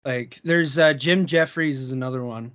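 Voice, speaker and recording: This young podcast co-host keeps the conversation casual, cursing a lot and laughing as he tells stories. He has a mid-range, fairly bright voice at normal speed; there's no room sound, but the audio is dull and lo-fi.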